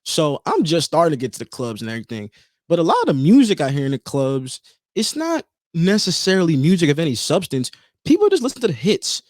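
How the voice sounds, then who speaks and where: A young man in his early twenties talking in a casual podcast chat, his pitch a touch high and swinging widely as he jokes and laughs loudly. The sound is dry and close to the mic. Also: fairly quick, dry recording. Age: early 20s. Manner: animated, joking, loud laughs. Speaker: podcast co-host.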